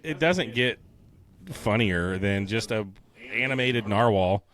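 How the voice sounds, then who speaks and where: A man in his thirties co-hosting a casual podcast, animated and chatty. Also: fairly low pitch, slow. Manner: animated, quotes movie lines in silly voices. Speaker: podcast co-host.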